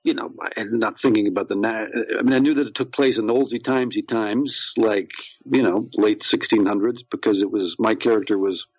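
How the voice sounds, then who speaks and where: A man's voice: on the low side, fairly even intonation, brisk, hardly any pauses, darkish tone, breathy edge, no echo, highs cut off. Rambling male actor, dry close sound. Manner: rambling, many restarts and fillers. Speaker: actor, guest. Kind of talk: casual interview chat.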